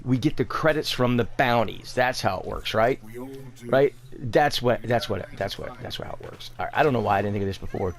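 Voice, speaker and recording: A man giving sarcastic, incredulous commentary over gameplay, ranting with exasperation. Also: mid-range voice. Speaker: gaming video creator.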